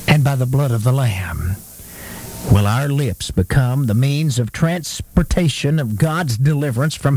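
A man preaching a radio sermon, emphatic and building to fervent declarations, with a gravelly voice. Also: mid-range voice, darkish tone.

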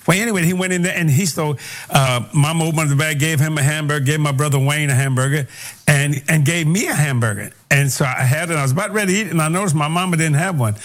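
An older man with a drawl tells folksy stories in an animated way, stumbling and repeating his words as he goes. His voice sits a touch higher than most men's. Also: fast talker. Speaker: preacher, guest. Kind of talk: storytelling interview.

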